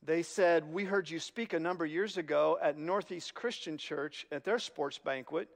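A man preaching a sermon, telling stories with animated, wry humor. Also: a little high, moderate pace, gravelly, in a large hall. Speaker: pastor.

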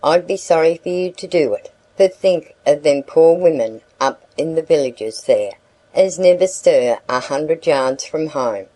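A woman's voice: deep voice, lively intonation, measured pace, warm tone, low-quality recording. A woman doing a wheedling country packman. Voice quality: broad country dialect. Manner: coaxing sales patter. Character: rustic male packman, wheedling and talkative.

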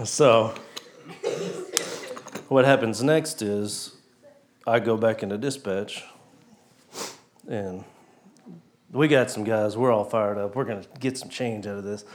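A man's voice: fairly low pitch, takes it slowly, pauses often, a little hiss or hum. A man giving a casual testimony at a church service, chatty and chuckling, often asking the crowd questions. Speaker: lay speaker giving a testimony. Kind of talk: informal church talk.

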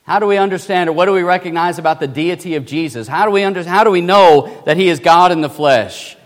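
A man preaching a sermon, emphatic, dropping to a hush and then rising loud, slowing down on key words. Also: high voice. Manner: emphatic, swings between loud and hushed, slows for stress. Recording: long hall reverb.

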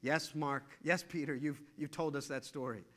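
A man's voice: a little high, normal speed, voice pushed down, lightly acted. A man playing a patient disciple who is tired of hearing the same stories. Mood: resigned. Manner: flat, resigned. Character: weary young male disciple, patiently tired of repeats.

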